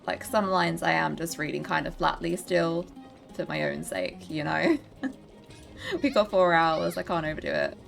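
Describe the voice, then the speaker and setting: A woman's voice: lowish voice, normal speed, vocal fry, faint music behind. A young woman streaming a game reaction, chatting casually with laughing asides and a slightly sore throat.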